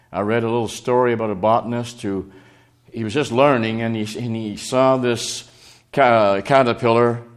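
A man preaching a sermon, earnest, quoting scripture and swinging between raised and hushed passages. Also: medium pitch.

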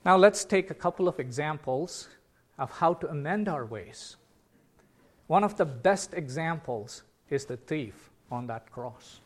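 A man preaching a sermon, earnest, with sudden loud emphatic calls. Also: a little high, lively intonation, a little slow.

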